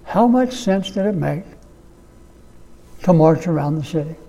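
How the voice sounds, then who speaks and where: High-voiced guy preaching slow and mellow, emphatic, big reverb-y hall. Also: expressive. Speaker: pastor. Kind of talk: sermon.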